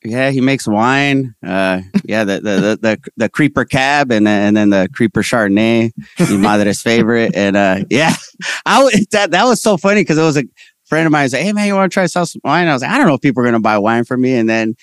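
A man talking as a comedian guest in a casual interview, telling stories in slangy, animated speech and voicing the people he quotes. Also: medium pitch, brisk, clear, resonant tone, no room sound, clean studio sound.

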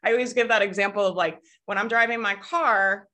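A Southern American woman runs a coaching call over video. Her voice is bright and forceful, and her pitch sits in the middle. She talks loosely and casually, swears now and then, and laughs a lot as she acts out how people think. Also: fairly even intonation, a little fast. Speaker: business coach.

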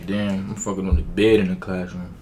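A man's voice: low voice, level tone, a little fast, darkish tone, slight background noise. A young man in casual banter, freestyle rhyming and insistently arguing his point. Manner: argumentative, insistent. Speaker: group member in rap game.

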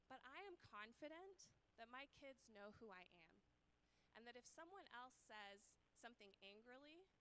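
Woman, 30s, guest preacher; conversational, emphatic sermon delivery; slightly high voice. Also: pushed and bright, a little hiss or hum, low-quality recording. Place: church.

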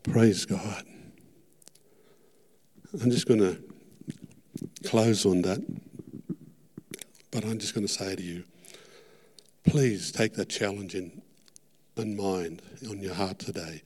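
A middle-aged Australian man preaching a sermon testimony, earnest and fervent, repeating his words and rising to loud peaks. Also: sits low, fairly even intonation, slow, pauses often. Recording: long hall reverb.

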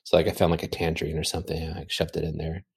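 A man chatting casually from home, telling an animated, rambling story full of fillers. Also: very deep voice, very fast, vocal fry, slightly rough. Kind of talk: casual chat.

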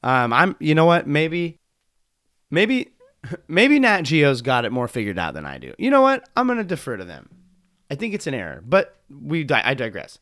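A man's voice: on the high side, huge pitch swings, moderate pace, a bit bright, dry recording. A man hosting a podcast, telling a rambling, self-deprecating comic story with many restarts. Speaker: podcast host. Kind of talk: casual comedic monologue.

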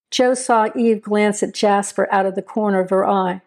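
A woman reading a crime story aloud as narrator in an even, measured way. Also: mid-range voice.

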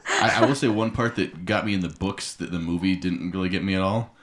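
A man chatting casually with friends on a podcast, animated, often jumping into high voices for quoted reactions. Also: brisk. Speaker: podcast co-host. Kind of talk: casual group chat.

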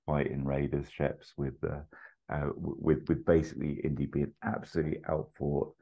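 A man co-hosting a podcast, casually pitching a movie plot in a rambling way with many fillers. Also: flat delivery, normal speed, gravelly, husky, narrow, tinny audio. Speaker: podcast co-host.

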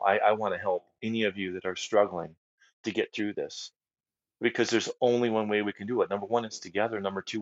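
A middle-aged man speaks in a lowish voice, telling his testimony earnestly, looping back on phrases and filling pauses. The sound is dry and a bit dull, like close podcast audio. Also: dry recording. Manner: earnest storyteller, repeats phrases, many fillers and restarts. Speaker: guest ministry leader. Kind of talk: personal testimony in a podcast chat.

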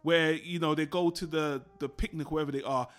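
A man's voice: fairly high pitch, steady tone, a little fast. A man co-hosting a podcast, talking about films and cartoons he loves in an enthusiastic, nostalgic way. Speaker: podcast co-host. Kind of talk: casual film discussion.

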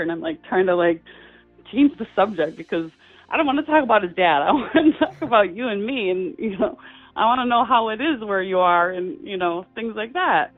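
A middle-aged woman tells a personal story as an interview guest, halting and heartfelt, often restarting her sentences. Her voice sits in an ordinary middle pitch. It comes through a narrow, tinny phone line with faint music underneath.

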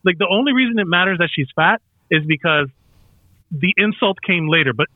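A man's voice: high-pitched, a little fast, dry recording. A man co-hosting a casual podcast, arguing his point with lots of fillers and restarts. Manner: argumentative, hedging with fillers. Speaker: podcast co-host. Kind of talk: casual chat. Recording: tinny phone-like line.

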